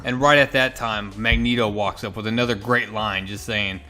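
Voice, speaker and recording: A man's voice: on the low side, steady tone, moderate pace, few pauses, bright, forceful tone, faint music behind. A man casually recapping and reviewing a comic book issue, enthusiastic and recounting with small restarts.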